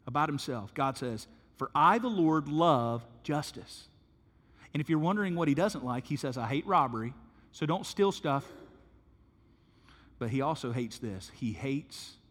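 A man preaching a sermon in a church, passionate and dynamic, dropping to hushed low words for emphasis and acting out quoted voices. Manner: acts out quoted voices for illustration. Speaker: pastor. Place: church sanctuary. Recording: long hall reverb.

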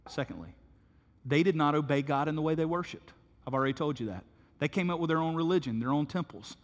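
A man preaching a sermon in a church, passionate and dynamic, dropping to hushed low words for emphasis and acting out quoted voices. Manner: acts out quoted voices for illustration. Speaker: pastor. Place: church sanctuary. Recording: long hall reverb.

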